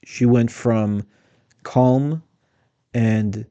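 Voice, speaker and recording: A man's voice: mid-range voice, steady tone, very slow, mellow, no room sound, lo-fi sound. A man giving blunt, critical casual commentary on interview clips. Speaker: political commentator.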